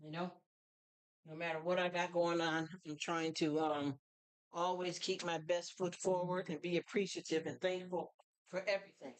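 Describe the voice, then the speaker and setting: A woman's voice: on the low side, moderate pace, smooth. A woman live streamer chatting casually with her viewers, playful and sing-song, talking to herself as she goes. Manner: playful, sing-song, greets chat warmly; relaxed, talks to herself while doing things.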